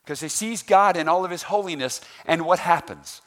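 A man preaching a sermon, animated, rising loud on emphasis and asking the congregation questions. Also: high voice, moderate pace. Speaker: pastor.

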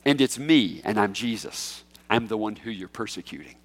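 A man preaching an expository sermon, emphatic, rising to loud peaks when he quotes scripture. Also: fairly low pitch, expressive, normal speed, husky, big-room sound. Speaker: pastor.

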